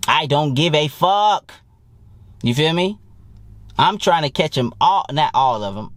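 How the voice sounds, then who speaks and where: A young man lectures about dating in a loose, profane monologue, his voice riding a little high and bouncing through a wide, lively pitch range. He sounds blunt and animated. The sound is close and dry, with no room around it. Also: measured pace, dry recording. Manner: profane, blunt and animated, mimics people he quotes. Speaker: dating coach. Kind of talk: casual monologue.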